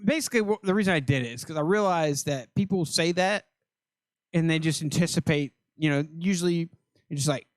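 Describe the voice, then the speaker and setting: Fairly high-voiced joking man. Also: brisk, dry recording. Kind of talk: casual podcast chat.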